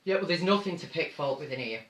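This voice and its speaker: A man's voice: on the high side, animated, fast talker, fairly bright tone, reverberant, low-quality recording. A man with a North Manchester accent hosting a casual live stream from his home, chatty and theatrical, calling his viewers darling. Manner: camp, chatty, theatrical, calls people darling. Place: home room.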